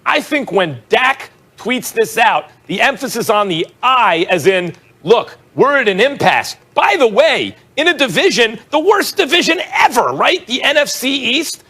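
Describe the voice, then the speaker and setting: A man on a sports debate show, animated, asking rhetorical questions and acting out quotes. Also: very high-pitched, a little slow, few pauses, husky.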